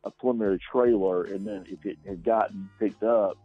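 A man's voice: on the low side, fairly even intonation, fairly quick, faint music behind. A male actor being interviewed, speaking casually and hesitantly, with many ums and restarts. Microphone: radio show microphone. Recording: dull, lo-fi sound.

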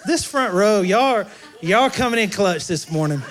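Male pastor, fairly high voice, relaxed conversational sermon with jokes to the crowd. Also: normal speed.

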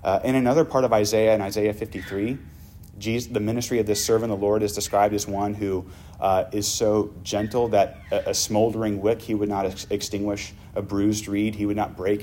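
A male pastor preaching a sermon, vividly retelling a story and dropping to hushed tones. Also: on the low side, slight background noise.

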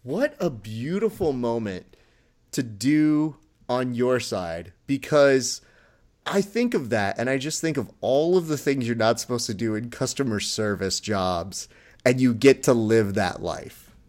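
A man co-hosting a podcast, telling stories in an animated way with loud bursts. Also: mid-range voice, a little slow. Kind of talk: casual podcast chat.

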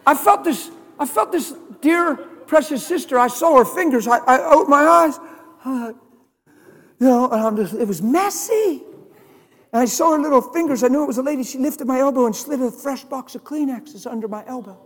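Male preacher, very high voice, storytelling sermon, hushed to loud swings, long hall reverb. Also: animated, moderate pace.

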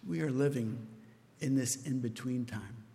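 A man's voice: mid-range voice, a little slow, creaky, dark tone. Preaching man in a reverberant church. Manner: earnest, conversational preaching with frequent "right?" asides. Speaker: pastor. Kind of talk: sermon.

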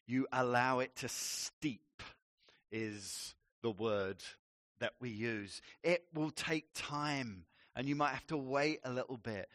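A man preaching a sermon as a pastor, teaching in a slow, emphatic way with playful asides. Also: medium pitch, a bit bright, no echo.

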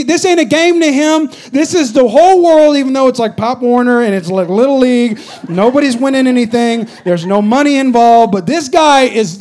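A man in his thirties preaching, telling a personal story in an animated, joking way. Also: very high-pitched. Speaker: pastor. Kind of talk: sermon.

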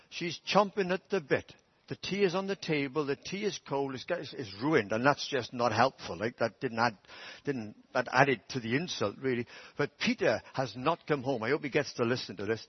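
A man's voice: a little high, husky, no echo. A middle-aged man preaching a sermon through humorous, self-deprecating family stories. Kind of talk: storytelling sermon. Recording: dull dry church sermon recording.

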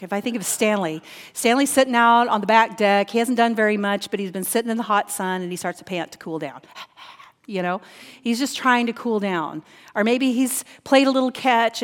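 A woman preaching a sermon, reading scripture aloud and then teaching from it, earnest and fond of repeating key phrases. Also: medium pitch. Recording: long hall reverb.

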